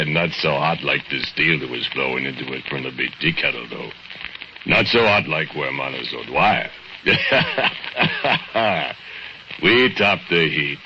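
A man's voice: extremely low pitch, expressive, slow, pushed and bright, slight background noise, heavily acted. An actor playing a drunken, brooding male foundry laborer who mutters in broken English and chuckles to himself, in 1940s radio-drama acting. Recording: dull lo-fi old radio recording with music.

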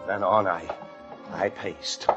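Playing a frightened fugitive hiding in an attic, an actor narrates his story in the tense, breathless style of 1940s radio drama. His voice is low, steady, and slow. The old recording sounds muffled and has music underneath.

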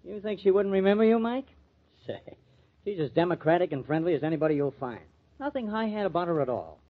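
An actor playing a glib, fast-talking press agent in a 1940s radio drama. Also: male voice, high-pitched, animated. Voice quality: glib, coaxing. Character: breezy, fast-talking male press agent, young adult. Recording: muffled old radio recording.

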